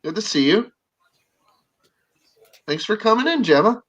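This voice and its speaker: Chatty stream host guy, kinda high voice, bright and forceful, cracks jokes. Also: big pitch swings, a little slow, muffled recording. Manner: joking, laughs often. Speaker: livestream host. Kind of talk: casual chat.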